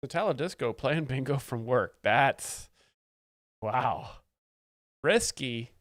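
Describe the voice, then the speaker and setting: A comedy stream host, male, dissects stand-up jokes with sarcastic mock expertise during a casual live stream. His mid-range voice is expressive and fairly bright, he takes things slowly, and there's slight background noise.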